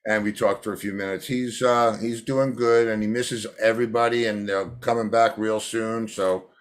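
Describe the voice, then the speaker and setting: A man's voice: on the low side, flat delivery, normal speed. A man co-hosting a casual chat, easygoing and full of fillers.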